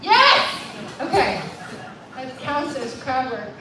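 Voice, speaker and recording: A woman's voice: high voice, a little slow, very noisy. A woman doing stand-up at an open mic, chatty and self-mocking, quizzing the audience. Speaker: stand-up comic. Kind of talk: stand-up with crowd work. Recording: echoey club from far off, with a loud crowd.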